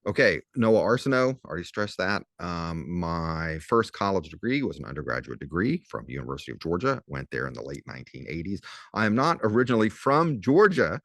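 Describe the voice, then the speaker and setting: This low-pitched lecturer, a man in his fifties from southern Louisiana with a faint Southern accent, swings widely in pitch, sounding creaky and a bit bright. He's a professor chatting wryly through a casual recorded class, slowing to spell words, captured dry and close with no room sound.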